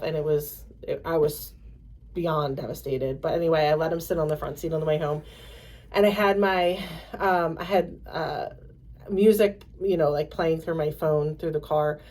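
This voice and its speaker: Woman host, a bit low-pitched, animated storyteller who breaks into quoted voices, casual podcast chat. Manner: halting, many fillers and restarts.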